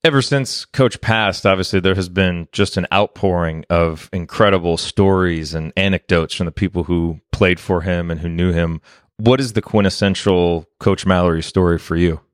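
A man hosting a podcast, asking calm, curious questions. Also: low voice, moderate pace, smooth, no room sound, studio quality. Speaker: podcast host. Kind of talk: interview questions.

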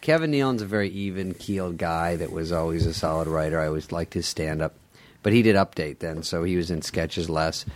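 A man telling stories in casual chat as a podcast guest, acting out other people's lines with lively changes of voice. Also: low-pitched, a little fast. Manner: animated storyteller, acts out other people's lines. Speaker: podcast guest, former sketch comedy cast member.

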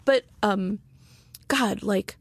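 A woman's voice: mid-range voice, extremely slow, dry recording. A woman telling a story in casual podcast chat, chatty with many fillers and sarcastic asides. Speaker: guest, writer.

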